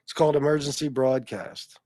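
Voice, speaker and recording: A man hosting a casual livestream, talking at an ordinary middle pitch. He rambles loosely and swears often, and he breaks into laughs between his stories. The sound is dry and close to the mic. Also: fairly even intonation, brisk, darkish tone, no echo. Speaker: livestream host. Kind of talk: casual livestream chat reading comments.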